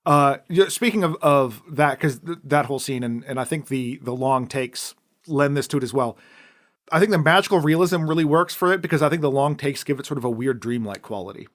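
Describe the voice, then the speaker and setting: Male podcast co-host, casual rambling film talk, mid-pitched voice, trails off into quiet asides. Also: expressive, brisk.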